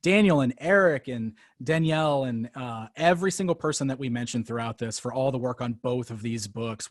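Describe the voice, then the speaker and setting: A man's voice: mid-range voice, dry recording, studio quality. A man closing an online fan panel as moderator. He talks in an earnest, grateful way, with frequent fillers. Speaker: panel moderator and book author.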